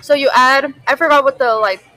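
A woman's voice: high-pitched, brisk, bright, forceful tone, poor audio. A woman co-hosting a casual podcast chat, explaining things step by step and sometimes searching for words. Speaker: podcast co-host.

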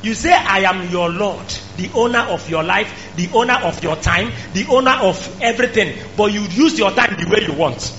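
A male preacher, delivering an emphatic sermon that rises to shouts. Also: sits high, normal speed, few pauses, soft background music. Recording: dull lo-fi recording with faint hum.

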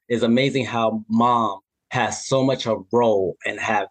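A man's voice: medium pitch, takes it slowly, low-quality recording. A man hosting an interview, a sympathetic listener who affirms his guest. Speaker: interview host. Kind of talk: conversational interview.

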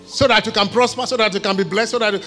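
Male pastor, middle-aged, high bright voice, emphatic and playful preaching, faint music underneath. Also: steady tone, racing. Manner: emphatic preaching with call-and-response questions; laughs and jokes between points. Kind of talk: sermon. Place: church service.

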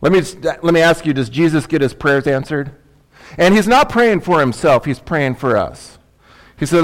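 Pastor guy preaching, chatty and emphatic, bit higher voice, lots of questions to the crowd. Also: expressive, normal speed. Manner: conversational, emphatic preaching with asides and rhetorical questions. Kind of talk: sermon.

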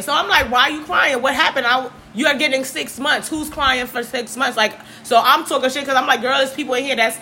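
Blunt animated woman telling stories. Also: sits high, rough recording. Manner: animated, blunt, swears freely. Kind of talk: casual chat, storytelling. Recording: faint background noise.

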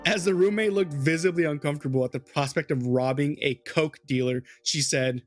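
A man's voice: on the high side, fairly quick, soft background music. A man hosting a podcast, telling a true-crime story in a loose, chatty way with swearing and asides to his co-host.

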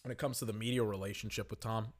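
Hoarse, passionate man ranting about sports. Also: fairly low pitch, fairly even intonation, rapid-fire. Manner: passionate and emphatic, heavy repetition. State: hoarse, losing his voice. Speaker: podcast host. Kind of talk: sports opinion rant.

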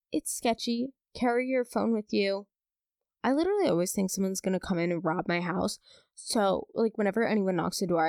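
A young woman hosts a casual storytime podcast, reading out listener stories and reacting to them. Her voice carries a noticeable gravelly fry, and she leans hard on the gross or scary details for effect. The sound is close and dry, with no room around it. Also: medium pitch, no room sound. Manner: chatty and expressive, dramatic emphasis on gross details. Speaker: podcast host.

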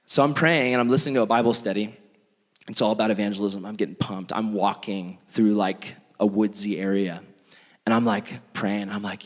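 A male pastor telling a sermon story in an animated, self-mocking way, acting out scenes, in a church hall. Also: lowish voice, brisk. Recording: long hall reverb.

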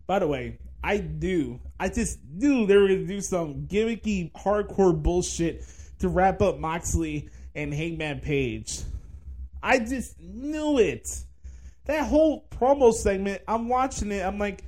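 Blunt, high-voiced male podcast host. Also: lively intonation, unhurried, a little mellow. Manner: blunt, profane, sarcastic. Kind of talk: casual wrestling commentary rant.

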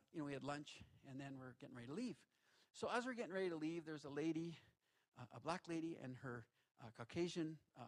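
A male pastor telling personal stories in a candid, conversational sermon to his church. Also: a little high. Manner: candid, conversational, animated storytelling. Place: church sanctuary.

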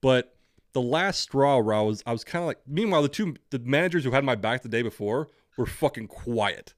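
With a mid-range, expressive voice and a slightly quick pace, a young podcast co-host tells a story in casual chat. He swears, rants, and acts out both sides of the dialogue, in a dry, studio-quality recording.

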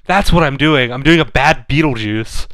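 A man's voice: mid-range voice, normal speed, fairly bright tone, no echo. A man co-hosting a comedy podcast, making short quips. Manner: laughs often, short quips. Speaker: podcast co-host. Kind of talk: casual comedic chat.

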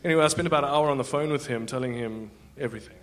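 A man telling his personal testimony in front of a church congregation, halting with many fillers and restarts. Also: mid-range voice. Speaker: guest giving a testimony.

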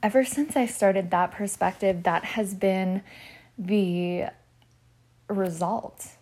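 A young woman telling a personal story in a vlog, chatty and animated, with "like" in nearly every sentence. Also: mid-range voice, takes it slowly. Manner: chatty, fills speech with "like"; animated and emotional while retelling. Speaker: vlogger.

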